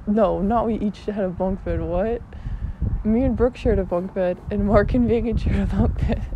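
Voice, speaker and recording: A giggly young woman from Alberta, Canada, with a fairly high voice, telling childhood stories, laughing often and swearing freely. The sound is dull and lo-fi, with loud noise throughout. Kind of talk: casual storytelling vlog.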